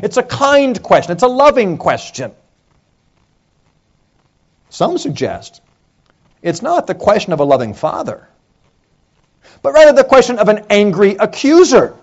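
Animated male preacher, lo-fi sound. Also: a little slow, pauses often. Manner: swings from quiet low stretches to raised, emphatic lines. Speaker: pastor. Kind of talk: sermon.

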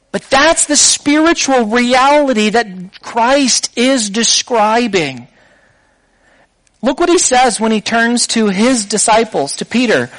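A man's voice: sits high, expressive, a little slow, a bit bright, dry recording, low-quality recording. A man preaching a sermon in a conversational way, putting rhetorical questions to his listeners.

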